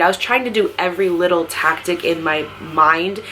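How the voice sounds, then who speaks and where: Young woman vlogger, slightly low voice, emphatic storyteller who says "like" a lot. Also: moderate pace, pushed and bright, slight background noise. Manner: emphatic, heavy use of "like". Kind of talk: casual storytime.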